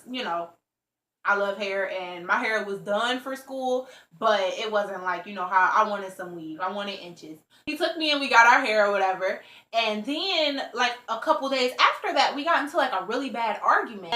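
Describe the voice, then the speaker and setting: A woman's voice: fairly high pitch, measured pace, pushed and bright. A young woman vlogger telling a casual storytime, chatty and full of "like" and "you know". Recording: roomy echo.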